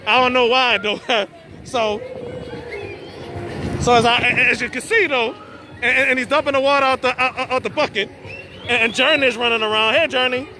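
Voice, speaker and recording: A live stream host broadcasts casually from an outdoor birthday party, his very high-pitched voice bright and forceful with a steady tone. He speaks at a moderate pace, pauses often, and stammers chattily, repeating his words. His phone captures party music, a crowd and children in the background.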